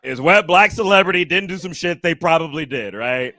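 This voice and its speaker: A man doing a stand-up comedy set on stage, animated and acting out other people's voices. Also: fairly quick, dry recording. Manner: animated, acts out other people's voices with big jumps in pitch. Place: comedy stage before a live audience.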